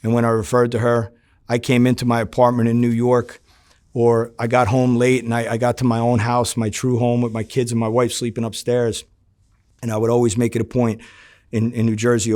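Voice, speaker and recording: A man who is a former undercover agent, telling his story in a sit-down interview, profane and lively as he acts out the dialogue. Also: fairly low pitch, no room sound. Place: home in New Jersey.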